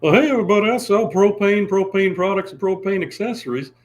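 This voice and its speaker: A man imitating a slow, fussy middle-aged cartoon propane salesman. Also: sits high, expressive, pitched above the performer's own voice. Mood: folksy.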